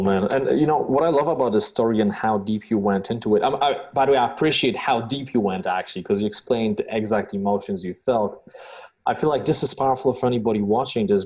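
A man's voice: fairly low pitch, a little mellow. A man hosting an interview, reflecting on his guest's story in an encouraging way, with some "um" fillers. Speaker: interview host. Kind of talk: interview conversation.

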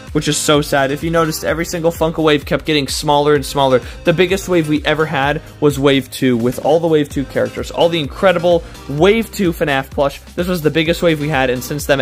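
A man doing a casual unboxing review, rambling with lots of fillers and restarts as he gushes over details and complains about being let down. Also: a little high. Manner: gushing then letdown and complaining. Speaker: toy reviewer.

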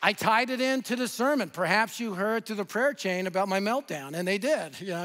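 A man with a high voice delivers a sermon as a guest preacher. He tells stories with humor and energy, swinging from loud outbursts to hushed, tender lines. He is in his fifties and from Denver. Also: normal speed, few pauses. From Denver, USA. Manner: animated, humorous storytelling with sudden swings between loud and soft. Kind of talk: sermon with storytelling.

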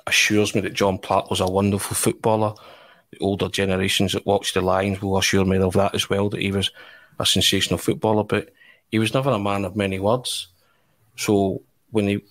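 Journalist guy, lowish voice, telling a story with lots of chuckles. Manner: animated anecdote teller, chuckling. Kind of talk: podcast storytelling.

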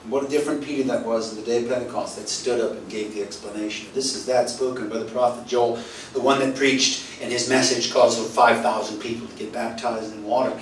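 A man's voice: medium pitch, steady tone, brisk. Guy preaching a sermon in a big echoey church, mic kinda far off, faint room noise. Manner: storytelling, acts out quoted dialogue, swings from loud to soft. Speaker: pastor. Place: church hall. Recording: roomy echo, voice from far off, faint ambience.

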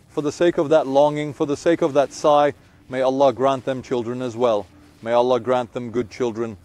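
A man telling a spiritual story, moving between hushed passages and emphatic exclamations. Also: mid-range voice, fairly even intonation, moderate pace.

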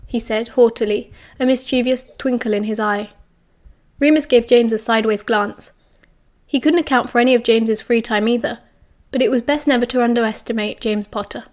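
A woman narrating an audiobook with a slightly high voice. She reads in a measured, expressive way and gives each line a clear storybook rhythm. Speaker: audiobook reader. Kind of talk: audiobook narration of fan fiction.

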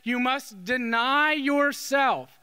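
High, bright-voiced priest in a reverberant church. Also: male voice, takes it slowly, smooth. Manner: conversational, with frequent "okay?" tag questions. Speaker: Catholic priest. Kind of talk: sermon. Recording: long reverb of a church hall.

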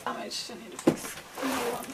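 A young woman vlogging casually while sick with a fever, talking softly and often dropping to a whisper. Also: brisk, very noisy. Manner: soft, tired, often drops to a whisper. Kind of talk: casual vlog chat.

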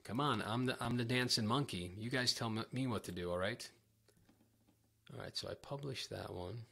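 A man's voice: medium pitch, normal speed, creaky, a bit bright. A man teaching guitar on a casual livestream, chatty, rambling and self-deprecating.

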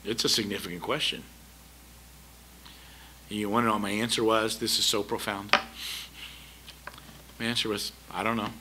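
A man's voice: fairly low pitch, flat delivery, normal speed, long pauses, background noise. A middle-aged male pastor preaching a sermon, emphatic, with repeated rhetorical questions. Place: church sanctuary.

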